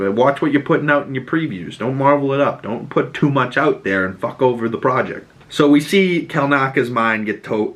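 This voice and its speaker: A man hosting a podcast, recapping a show in excitable casual chat, swearing freely and acting out the scenes. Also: mid-range voice, low-quality recording. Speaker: podcast host.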